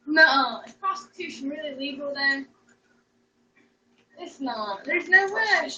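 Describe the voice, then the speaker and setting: A woman's voice: high-pitched, animated, slow pace, sharp tone. A young woman chatting casually on a livestream, rambling, joking and swearing freely. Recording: echoey room, distant mic, dull sound.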